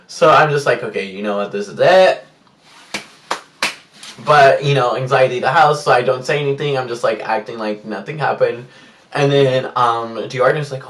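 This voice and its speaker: A young man tells a story to camera in a loose, chatty way. He jumps from hushed asides to sudden shrill squeals when he plays out his own reactions. His voice carries a roomy echo and sits a little away from the microphone. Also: measured pace, recorded from a distance. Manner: animated, swings into loud high squeals and hushed whispers when quoting himself. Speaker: vlogger. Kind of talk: casual storytime chat. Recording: roomy echo, a bit off-mic.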